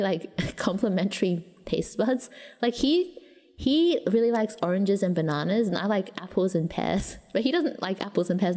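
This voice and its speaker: A woman with an Australian accent chatting casually with her viewers on a livestream, rambling along with quick restarts and giggles. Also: mid-range voice, warm tone, in a large hall.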